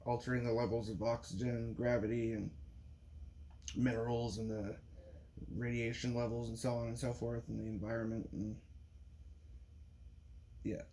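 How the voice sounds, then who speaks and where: A man rambles through a loose monologue, restarting his sentences and swearing freely. His voice sits at an ordinary middle pitch, with a faint hiss of background noise behind it. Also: level tone, normal speed, pauses often, dark tone. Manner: rambling, with frequent restarts and profanity. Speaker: vlogger.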